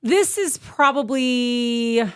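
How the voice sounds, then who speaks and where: Animated woman telling a story. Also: fairly high pitch, slow, clean tone. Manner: animated, acts out her own past lines. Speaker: guest storyteller. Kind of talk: casual storytelling chat.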